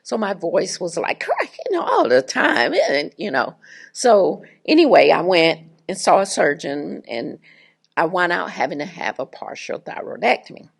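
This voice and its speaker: A middle-aged woman with a raspy voice, giving a chatty, humorous faculty talk to an audience. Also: fairly low pitch, animated, normal speed. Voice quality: raspy, gravelly voice. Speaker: faculty speaker. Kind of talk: conversational lecture with anecdote.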